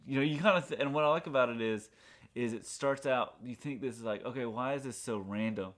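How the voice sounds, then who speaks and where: Male podcast co-host, mid-pitched voice, rambling and filler-heavy recap, acts out lines. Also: normal speed. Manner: rambling retelling full of fillers, acting out lines from the show. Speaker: podcast co-host reviewing a TV pilot. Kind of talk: casual chat.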